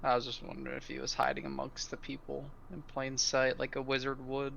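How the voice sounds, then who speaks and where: A man's voice: medium pitch, monotone, a little fast, creaky, fairly bright tone, muffled recording. A man playing a tabletop game in laid-back, slangy casual chat. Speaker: player. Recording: faint background noise.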